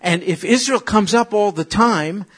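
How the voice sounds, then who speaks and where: A middle-aged man from New York with a New York accent, preaching and teaching from the Bible with animated, joking asides to his congregation. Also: high-pitched, unhurried, breathy edge. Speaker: pastor.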